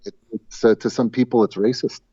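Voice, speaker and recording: A man's voice: lowish voice, fairly even intonation, dark tone, slightly rough, dry recording. A man chats casually as a guest over a call, stumbling and repeating words as he goes. His audio sounds dull and muffled, and completely dry with no room sound. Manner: halting, repeats words, chuckles at own jokes. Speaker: guest caller. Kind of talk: casual chat. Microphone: video call.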